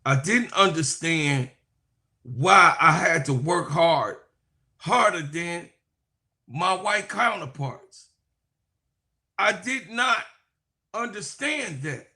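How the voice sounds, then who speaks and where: Sports stream host guy, slow and preachy, says things twice, goes from quiet asides to loud high shouting. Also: lively intonation. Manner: preacherly, repeats phrases for emphasis; swings from low asides to loud, high-pitched proclaiming. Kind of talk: live-stream commentary, reading chat.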